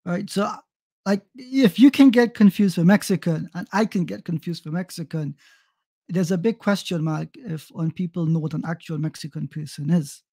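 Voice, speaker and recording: A man from South America co-hosting a livestream, hesitant with fillers but turning to sharp, mocking put-downs. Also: high-pitched, normal speed, creaky, no echo. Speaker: co-host. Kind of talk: casual livestream chat.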